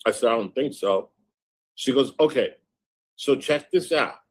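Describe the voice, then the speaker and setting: A man's voice: mid-range voice, a little slow, breathy edge, rough recording. A man hosting a livestream, telling a story by reading old chat messages aloud. He switches back and forth between "she goes" and "I said" and swaps swear words for "effing" or single letters. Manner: bleeps his own swearing with letters and "effing". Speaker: livestream host.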